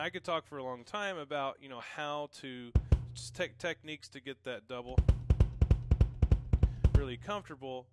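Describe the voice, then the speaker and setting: A man's voice: mid-range voice, a bit bright, clean tone, no echo. A young man giving a casual, encouraging drum lesson, explaining each pattern and counting it aloud. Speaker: drum teacher. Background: drum kit.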